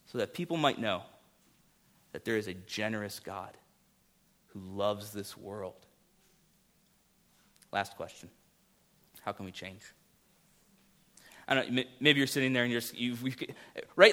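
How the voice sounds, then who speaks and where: A man preaching a sermon as pastor, earnest, rising to loud emphasis and dropping to quiet, intimate lines. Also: medium pitch, moderate pace, long pauses.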